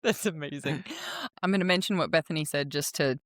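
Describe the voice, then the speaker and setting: A woman's voice: low-pitched, a little fast, no echo, clean studio sound. A woman hosting a podcast, talking in a chatty, rambling way and laughing easily. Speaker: podcast host. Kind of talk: casual interview chat.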